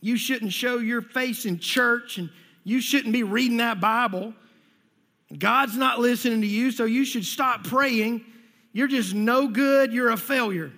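A man acting out a scornful male devil who taunts and jeers in a very high, loud voice. The sneering lines ring out with long reverb, as if across a big hall. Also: a little slow, exaggerated voice. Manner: mocking, louder and slightly higher than his preaching.

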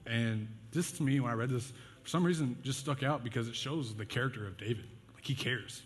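A young man gives a casual sermon in a mid-range voice, fairly quick, with a little hiss or hum on the audio. Conversational and jokey, he tells stories, mocks himself, laughs and uses many fillers. There's long hall reverb and faint music behind him.

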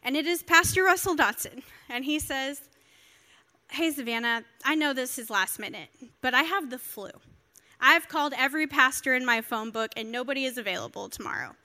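A woman pastor, preaching a sermon and telling her story with animated, emotional delivery. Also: high-pitched, fairly quick. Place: church.

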